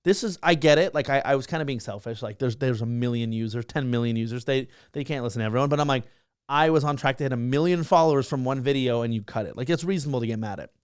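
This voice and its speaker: A man's voice: medium pitch, fast talker, clear, resonant tone, no echo, studio quality. A young man telling stories about his career in a casual interview, full of fillers and restarts. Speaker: guest, social media creator.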